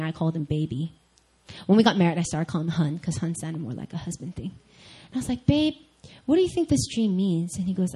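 A young adult woman giving a sermon-style personal testimony, candid and animated, speaking straight to her listeners. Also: on the low side, slightly rough, rough recording.

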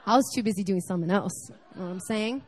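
A woman speaking at a church service, telling a personal testimony in an animated, storytelling way. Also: medium pitch, quick pace. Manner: animated storytelling, acting out dialogue.

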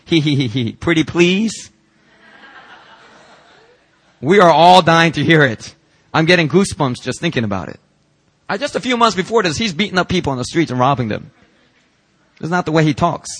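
A man pastor preaching a sermon in church, telling stories and reading out emails with lively emphasis. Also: fairly high pitch, normal speed, long pauses, breathy edge.

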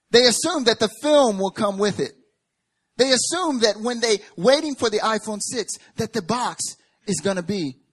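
Animated, fairly high-voiced man preaching. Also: husky. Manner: animated storytelling, swings from hushed to loud. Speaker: pastor. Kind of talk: sermon. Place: church service.

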